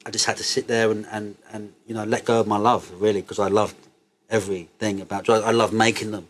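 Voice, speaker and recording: A man's voice: lowish voice, brisk, a little hiss or hum. Swearing man telling wild stories. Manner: swearing, animated, laughs through his stories. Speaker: interview guest, cannabis entrepreneur. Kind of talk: casual interview storytelling.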